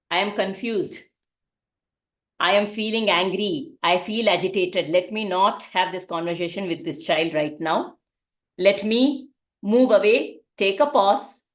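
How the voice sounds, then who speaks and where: Woman teaching a parenting class. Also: medium pitch. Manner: conversational, asks the listeners rhetorical questions.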